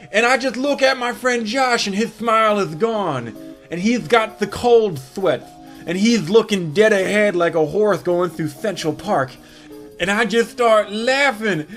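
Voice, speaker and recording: A man telling crude comedic stories in an animated monologue, landing punchlines deadpan. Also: very high-pitched. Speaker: comedic storyteller.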